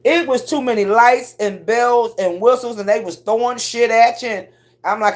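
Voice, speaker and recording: A middle-aged woman telling stories on a casual livestream, cursing freely and leaping up in pitch when she acts out what people said. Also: normal speed. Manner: profane, animated storyteller who swoops up high for quoted voices. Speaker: live streamer.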